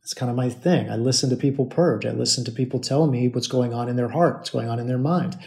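Relaxed, mellow-voiced man telling a story. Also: mid-range voice, fast, gravelly. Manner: conversational, repeats phrases, addresses listeners as brothers. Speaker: podcast host. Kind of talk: casual storytelling monologue.

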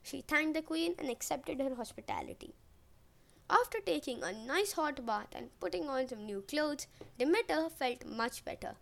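Storyteller, female, high voice; casual myth retelling with jokey asides. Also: very animated, normal speed, vocal fry, a bit bright. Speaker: podcast storyteller.

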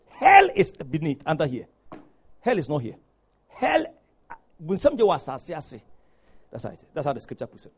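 Male preacher, high and animated, husky tone, fiery sermon delivery. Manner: impassioned preaching, swings from hushed to shouting. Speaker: pastor.

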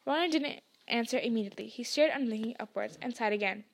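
A woman narrating a book chapter aloud in a hushed storytelling manner. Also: fairly high pitch, a little fast, vocal fry, hardly any pauses. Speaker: podcast reader. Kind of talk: audiobook narration.

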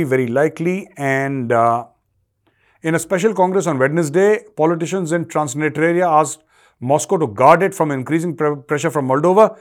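A man with an Indian accent hosting a solo current affairs commentary, lecturing the audience and repeating key points for emphasis. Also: fairly high pitch. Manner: lecturing, addresses the audience directly. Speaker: show host and commentator.

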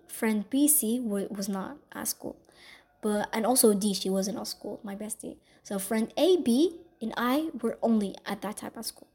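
A woman's voice: mid-range voice, a little mellow. A young woman hosting her podcast, telling a personal story in a rambling, gossipy way that keeps tagging lines with "like" and "okay?". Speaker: podcast host. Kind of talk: casual storytelling monologue.

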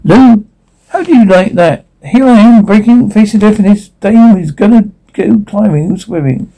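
A nervous, bumbling coward from a 1940s radio comedy, as a man plays him. His voice rides high and whiny, jittery and excitable, with a mellow, rounded tone. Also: normal speed, low-quality recording. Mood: indignant. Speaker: comedy sidekick.

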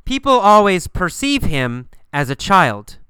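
Man, English pronunciation teacher, slow deliberate delivery, lively pitch, dry close sound. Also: no echo. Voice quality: crisp, clear, bright voice. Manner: slow and emphatic, repeating phrases for learners to copy. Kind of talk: slow, deliberate language-lesson storytelling.

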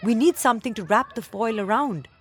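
A woman's voice: on the high side, lively intonation, fairly quick, pitched above the performer's own voice, lightly acted. A woman voicing a young girl directing other children in a storybook reading. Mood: organizing.

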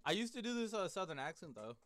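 A man's voice: high voice, sing-song, fast talker, a crowd in the background. A young adult man hosting a podcast, chatting casually and teasing his co-host with jokey banter.

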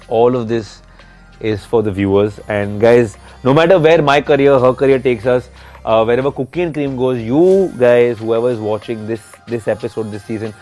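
A man's voice: mid-range voice, a little mellow. A man in his thirties co-hosting a casual podcast with his wife, rambling and joking, tired from lack of sleep. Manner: rambling, joking, self-interrupting. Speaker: podcast co-host. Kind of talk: casual couple's podcast chat.

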